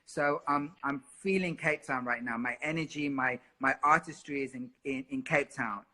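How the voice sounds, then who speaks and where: Guy, singer, super bright voice, chatty and expressive, keeps repeating himself. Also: medium pitch, moderate pace. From London. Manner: expressive, repeats words, lots of "you know". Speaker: singer and interview guest. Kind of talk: live interview, candid.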